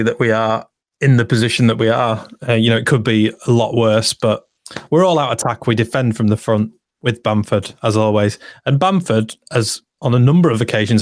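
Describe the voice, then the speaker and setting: A man's voice: on the low side, dry recording, clean studio sound. A man co-hosting a casual football podcast, chatting and reading out listener messages. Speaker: podcast co-host.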